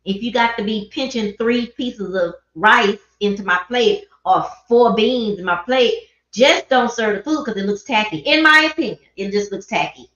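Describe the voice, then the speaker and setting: A woman hosting a casual live-stream chat, telling animated stories and mimicking people as she goes. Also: on the high side, normal speed. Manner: animated storyteller, mimics people, laughs often. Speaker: host. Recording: echoey, dull livestream audio.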